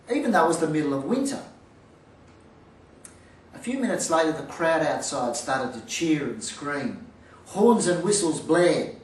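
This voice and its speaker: Man, comic storyteller, high animated voice, self-mocking, echoey hall, distant mic. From Australia. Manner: lively, self-mocking, punchline timing. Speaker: storyteller, former boxer. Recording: roomy hall, from far off.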